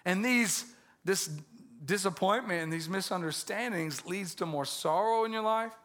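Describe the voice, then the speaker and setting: Bright, high-voiced pastor preaching casually. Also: male voice, moderate pace. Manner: conversational and joking, with frequent restarts and repeated words. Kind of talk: sermon.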